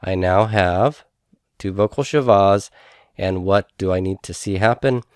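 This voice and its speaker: A man teaching a grammar lesson, explaining step by step, sounding out syllables slowly and checking in with his students. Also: low voice, darkish tone, clean tone, no echo, clean studio sound. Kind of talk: recorded classroom lecture.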